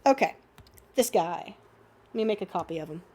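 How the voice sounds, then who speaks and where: A woman's voice: on the low side, lively intonation, normal speed, a little mellow, slight background noise. A young woman with a slight cold giving an unscripted drawing lesson, thinking aloud with many fillers. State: sniffly cold. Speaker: art teacher.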